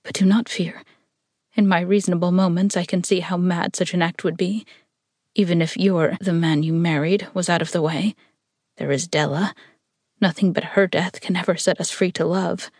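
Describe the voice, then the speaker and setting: A woman's voice: fairly low pitch, steady tone, normal speed, darkish tone, no room sound, clean studio sound, lightly acted. A woman reading aloud voices a devoted, tormented young man who speaks in earnest murmurs, sometimes half-whispered.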